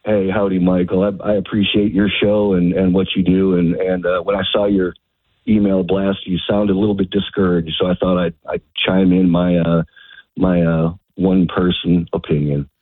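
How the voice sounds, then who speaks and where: Husky caller on a phone line. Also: male voice, low voice, little pitch movement, no echo. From Texas. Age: 50s. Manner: halting, with fillers and repeated words. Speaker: radio show caller. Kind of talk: phone-in conversation.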